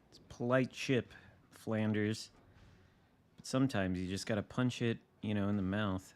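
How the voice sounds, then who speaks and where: Low-voiced man musing over gameplay. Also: moderate pace, a little mellow. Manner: dry, wry musing, thinking aloud. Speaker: game streamer. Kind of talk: casual live gameplay commentary.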